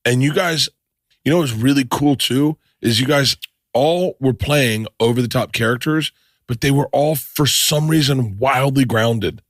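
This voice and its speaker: A man's voice: medium pitch, unhurried, no echo, clean studio sound. A man hosting a podcast, chatting casually and gushing eagerly about his guest's work. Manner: effusive, eager interviewer. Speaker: podcast host.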